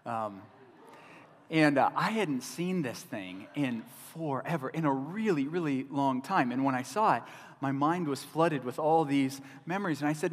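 A man's voice: fairly high pitch, expressive, normal speed. A middle-aged man preaching a sermon as pastor, earnest and repeating key lines for emphasis. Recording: long reverb of a large hall.

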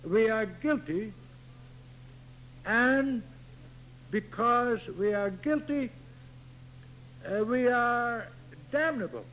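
Slow, high-voiced preacher man. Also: fairly bright tone, slight background noise, poor audio. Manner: slow, deliberate preaching with emphatic repetition. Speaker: pastor. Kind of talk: sermon.

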